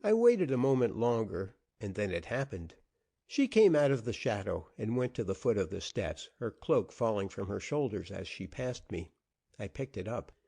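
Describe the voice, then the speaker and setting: A man narrating an old-fashioned audiobook story in an expressive, dramatic way. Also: lowish voice, moderate pace, vocal fry.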